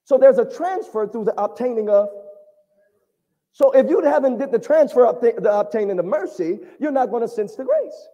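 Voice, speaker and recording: Male preacher, very high and lively pitch, fiery call-and-response delivery in a reverberant hall. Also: lo-fi sound. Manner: impassioned, call-and-response with the congregation. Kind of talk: sermon. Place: church sanctuary. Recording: long reverb of a large hall.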